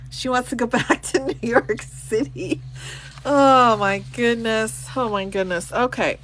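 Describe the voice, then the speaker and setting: A woman attorney hosts a live stream, reading a document aloud in a brisk, plain way and reacting to chat with frequent laughter and exclamations. Her voice is a little high. The low-quality recording carries a little hiss or hum.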